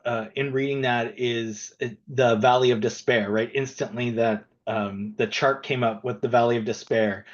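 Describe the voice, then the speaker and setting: Man with a mid-range voice, reflective and motivational, on a dull lo-fi call line. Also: medium pitch. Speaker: real estate agent. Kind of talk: sharing on a group call.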